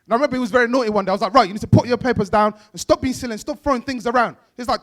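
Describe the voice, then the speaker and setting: Brief: male stand-up comic, very high voice, lively storyteller. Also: very fast, hardly any pauses. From Bangladesh. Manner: animated storytelling, acts out characters, laughs often. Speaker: stand-up comedian. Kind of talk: stand-up comedy set. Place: event stage.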